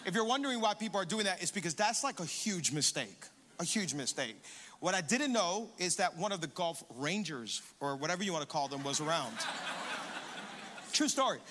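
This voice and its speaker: High, bright-voiced man preaching in a reverberant hall. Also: a little fast, slight background noise. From Hialeah, Florida. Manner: dynamic, animated preaching with congregation call-and-response. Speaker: pastor. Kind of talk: sermon. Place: large church auditorium. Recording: long hall reverb with faint music.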